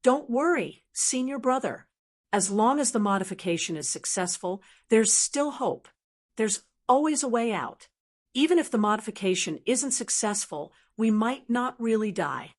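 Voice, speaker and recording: A woman's voice: a little high, lively intonation, moderate pace. A woman voicing a confident young male cultivator who talks in an assured, earnest way. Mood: reassuring.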